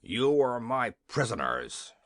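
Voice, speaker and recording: A man doing a gruff, blustering gnome king. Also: mid-range voice, big pitch swings, slow pace, no room sound, pitched below the performer's own voice. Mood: menacing. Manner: commanding, threatening.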